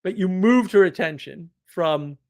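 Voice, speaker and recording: A man casually telling a story from his week, animated, laughing often and restarting his sentences. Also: high-pitched, measured pace. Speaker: podcast host.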